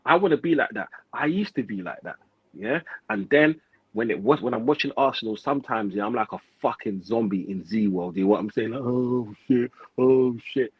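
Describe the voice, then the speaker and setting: Ranting man, husky and profane. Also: on the low side, expressive, no echo, lo-fi sound. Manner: profane, rapid, repetitive street slang. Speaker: football pundit host. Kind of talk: heated fan rant.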